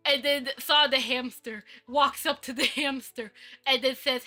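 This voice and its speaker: A woman's voice: sits high, steady tone, a little slow, pushed and bright, faint music behind. A woman live-streaming, rambling playfully and talking to herself while she works on a 3D model. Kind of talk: casual live-stream chat.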